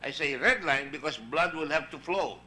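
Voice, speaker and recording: A man's voice: fairly high pitch, lively intonation, moderate pace, pushed and bright, rough recording. A man with a Filipino accent chairing a senate hearing, questioning witnesses emphatically and wandering into asides. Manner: emphatic, digressive, reads out past exchanges.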